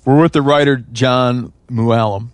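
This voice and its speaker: A man's voice: medium pitch, steady tone, a little slow, smooth, dry recording. A man hosting a casual podcast, congested with a sore throat, who talks loosely and restarts his sentences. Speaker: podcast host.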